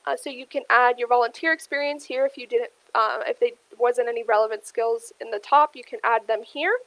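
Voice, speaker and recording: A woman's voice: on the high side, fairly even intonation, brisk, fairly bright tone, no echo, rough recording. A young adult woman giving an instructional talk, explaining steadily with frequent ums and addressing the listeners as "you guys". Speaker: career workshop presenter. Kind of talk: instructional presentation.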